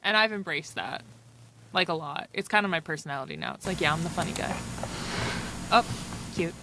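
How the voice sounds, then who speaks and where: A woman's voice: low-pitched, animated, fairly quick, pushed and bright, a little hiss or hum. A woman guest on a casual podcast chat, teasing the others and joking. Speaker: podcast guest, actual play performer.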